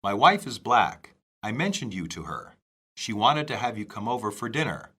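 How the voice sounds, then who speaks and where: A man reading scripted dialogue for an English lesson, slow, clear and careful. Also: on the low side, very animated, bright, forceful tone.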